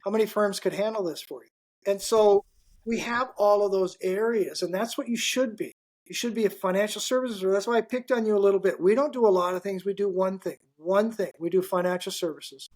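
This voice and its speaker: An older business owner appears on a podcast for a relaxed interview, telling homespun stories and wandering into frequent asides. He talks a little fast in a high-sitting voice with a darkish tone.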